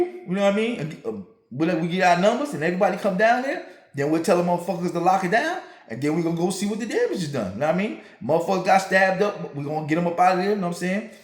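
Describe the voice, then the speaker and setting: Man, podcast host, high voice, very animated pitch, profane and blunt, echoey room. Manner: profane, blunt, emphatic, keeps asking "right?". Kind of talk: casual monologue to listeners.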